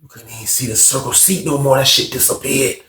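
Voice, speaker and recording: A man telling a casual storytime tale, in an animated, slangy and profane way, acting out other people. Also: mid-range voice, brisk, reverberant.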